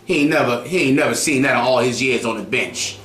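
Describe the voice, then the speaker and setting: A man's voice: mid-range voice, a little fast, a bit bright, a little hiss or hum. Heated, mocking man preaching in an echoey room. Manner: heated, mocking, swears freely. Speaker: group teacher. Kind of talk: street preaching.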